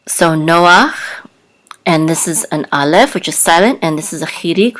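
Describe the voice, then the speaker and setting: A woman's voice: on the low side, normal speed, fairly bright tone. A woman teaching a language lesson, patiently spelling out sounds letter by letter. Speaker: Hebrew teacher. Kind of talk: slow spoken lesson.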